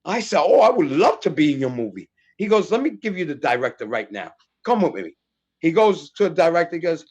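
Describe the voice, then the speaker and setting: A middle-aged man tells a street story in a casual podcast chat. His voice sits high, and he acts out each person's lines with lively swings. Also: fairly quick, husky. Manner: animated storyteller acting out dialogue. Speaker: actor guest.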